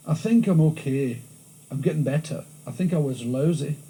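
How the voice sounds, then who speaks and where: A man with a thick Glasgow accent, talking through an interview in lively stories full of restarts. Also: fairly high pitch, normal speed, rough recording. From Scotland. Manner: animated storytelling, frequent restarts. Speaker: interviewee, comedian. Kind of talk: candid interview chat. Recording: old VHS tape with faint hiss.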